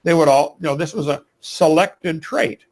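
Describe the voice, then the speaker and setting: Guy preaching creation in a debate, kinda high voice, emphatic, some stumbles. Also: normal speed, darkish tone, poor audio. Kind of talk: live debate answers.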